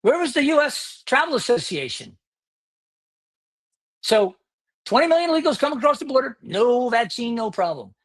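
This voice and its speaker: Indignant man ranting. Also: sits high. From United States. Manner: indignant, sarcastic, combative. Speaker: podcast host. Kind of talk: opinionated solo podcast rant.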